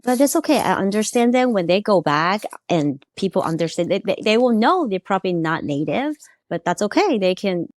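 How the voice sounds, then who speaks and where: A woman hosting a podcast interview, agreeable and quick with murmured backchannels. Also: medium pitch, very animated, darkish tone, no room sound. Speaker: podcast host. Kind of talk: casual interview chat.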